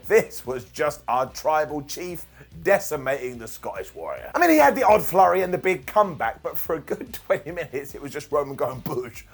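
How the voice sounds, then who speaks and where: A man's voice: fairly high pitch, husky. A man from the UK giving jokey, scripted commentary with lots of asides. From United Kingdom. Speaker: wrestling commentator.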